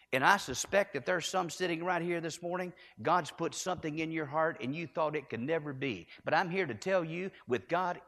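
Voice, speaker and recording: A man's voice: fairly high pitch, a bit bright. A man preaching a storytelling sermon in a church, earnest and emphatic, repeating key phrases. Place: church sanctuary. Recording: echoey hall with long reverb.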